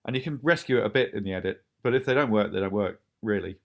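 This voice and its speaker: A man, the creator of a show, chatting casually about making it, quick and often laughing. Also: fairly low pitch. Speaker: show creator talking about his series. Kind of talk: casual podcast chat.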